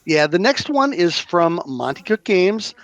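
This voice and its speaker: A man's voice: high-pitched, big pitch swings, slow pace, no echo, lo-fi sound. A man hosting a podcast, talking casually and rambling with many restarts. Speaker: podcast host. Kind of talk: casual chat about tabletop games.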